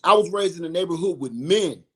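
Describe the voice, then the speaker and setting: A man's voice: a little high, lively intonation, brisk, bright, forceful tone, breathy edge. A middle-aged man talking straight to camera from home in a rambling, emphatic way, repeating his points. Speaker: video host. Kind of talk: casual opinion monologue.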